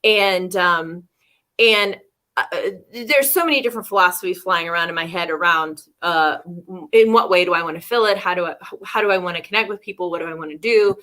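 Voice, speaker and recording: A woman's voice: fairly low pitch, a little fast, sharp tone. A woman co-hosting a candid leadership talk, speaking reflectively, often laughing and restarting her thoughts. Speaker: leadership coach and co-host. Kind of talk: candid casual conversation.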